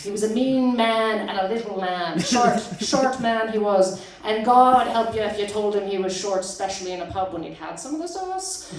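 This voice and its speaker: A young woman performing a self-deprecating stand-up set at a small arts venue, laughing at her own jokes. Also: a little high. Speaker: stand-up comic. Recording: echoey room, distant mic, audience laughter.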